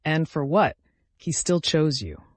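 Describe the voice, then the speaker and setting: A man's voice: on the high side, sing-song, takes it slowly, no echo, exaggerated voice. Jealous vengeful woman with a knife, read by a man, accusing, dry close sound. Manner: accusing, rising intensity.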